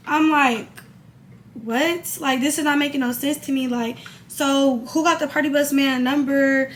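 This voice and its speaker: A young woman vlogger telling a casual storytime, animated and quoting others as she goes. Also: high-pitched, normal speed, a little hiss or hum. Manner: animated storytelling, quoting people in her own voice.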